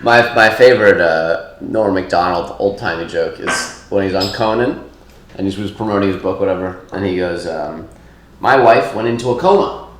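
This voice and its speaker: A low-voiced man with a fairly bright tone co-hosts a comedy podcast at a moderate pace, recorded in an echoey room with a little hiss or hum. He tells jokes in casual chat, rambling through stories with many fillers and restarts.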